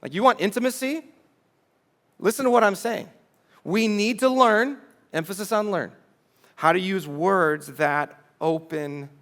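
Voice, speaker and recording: A man's voice: on the high side, a bit bright. A middle-aged man preaching a sermon in church, talking conversationally and asking the audience rhetorical questions. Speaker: pastor.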